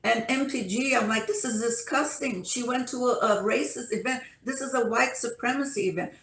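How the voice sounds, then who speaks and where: A woman's voice: fairly high pitch, moderate pace, gravelly, few pauses. Woman panelist, casual storytelling, restarts often, roomy echo on a call mic. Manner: animated storytelling with many restarts.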